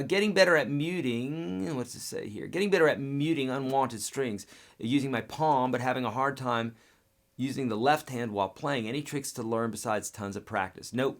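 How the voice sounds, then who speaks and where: Man, guitar teacher, live online Q&A, casual and blunt, mid-pitched voice, guitar in the background. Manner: casual, direct, frequent "okay?" check-ins. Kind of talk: live webcast Q&A.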